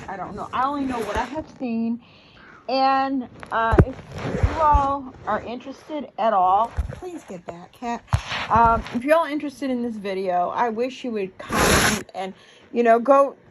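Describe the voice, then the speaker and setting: A YouTube commentator in her sixties delivers a rambling, emotional reaction, stumbling over fillers and restarts. She has a fairly high-pitched voice, heard against a noisy background.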